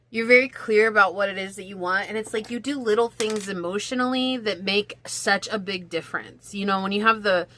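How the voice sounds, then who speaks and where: Bright, chatty woman reading tarot. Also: medium pitch, slight background noise. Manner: chatty, rambling, heavy use of "like". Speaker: tarot reader. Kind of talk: casual pick-a-card tarot reading.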